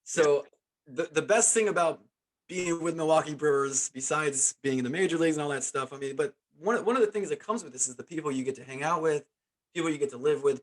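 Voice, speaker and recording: A man around forty, a former pro ballplayer, telling a story as an interview guest in an animated way, chuckling and often saying "man". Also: medium pitch. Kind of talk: casual storytelling.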